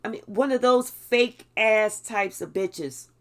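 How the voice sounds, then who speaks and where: A woman's voice: medium pitch, slow. A woman giving a spiritual tarot reading in a blunt way, swearing freely. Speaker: tarot reader.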